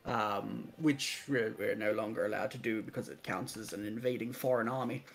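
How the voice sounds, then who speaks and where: A man's voice: on the low side, moderate pace, vocal fry. A man playing a tabletop game, speaking in character with genteel, rambling, old-fashioned phrasing. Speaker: player voicing an undead noble character. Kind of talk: in-character tabletop role-play.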